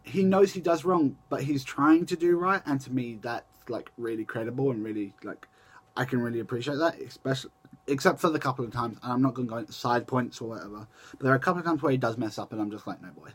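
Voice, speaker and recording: A man's voice: mid-range voice, fast. Rambling young man vlogging. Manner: rambling and chatty, with many restarts and self-corrections. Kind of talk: casual chat to camera.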